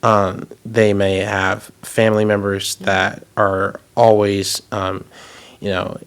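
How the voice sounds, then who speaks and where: A man hosting a podcast, explaining his points in a measured, thoughtful way. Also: fairly low pitch, level tone, clear, resonant tone. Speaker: podcast host. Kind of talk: podcast conversation.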